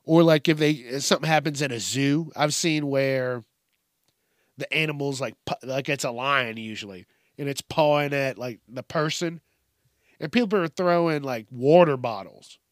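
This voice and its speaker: A man's voice: normal speed, dry recording, clean studio sound. A man hosting a podcast who rants casually with lots of swearing and talks in a groggy early-morning voice. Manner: profane, animated, mimics people in high yelps. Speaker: podcast host. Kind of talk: casual solo rant.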